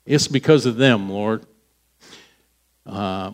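A man's voice: mid-range voice, lively intonation, a little slow, a little mellow. A man preaching a sermon, retelling a scripture story with acted-out voices, restarting phrases and laughing at himself.

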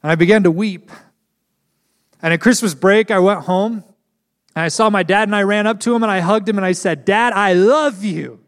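High-voiced young man preaching in a reverberant hall. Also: steady tone, fairly quick, pauses often. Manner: storytelling, earnest, laughs at himself. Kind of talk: sermon with personal testimony.

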